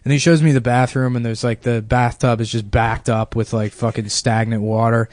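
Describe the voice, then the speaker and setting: A man's voice: mid-range voice, flat delivery, moderate pace, darkish tone, dry recording, clean studio sound. A man in his twenties telling a rambling comic story on a podcast, full of filler words and swearing. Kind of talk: casual comedic storytelling.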